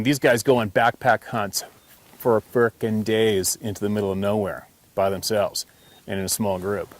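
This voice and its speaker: A man's voice: on the low side, no echo. A man hosting a hunting channel, telling a story in a casual, earnest, emphatic monologue full of restarts.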